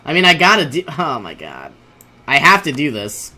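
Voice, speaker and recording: A man's voice: on the high side, huge pitch swings, normal speed, sharp tone. A young man giving casual commentary over his own strategy game, thinking aloud, often exasperated and laughing. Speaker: let's play host.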